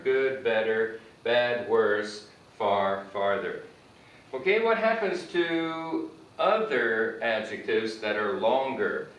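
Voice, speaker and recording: A man's voice: medium pitch, fairly bright tone. A man teaching English grammar who spells words out letter by letter and repeats each example sentence while writing on a board. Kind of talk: grammar lesson. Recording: echoey room, mic far off, faint background noise.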